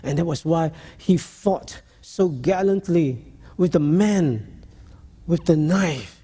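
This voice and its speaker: A man preaching a sermon, telling a story in a halting, earnest way. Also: on the high side, mellow, breathy edge.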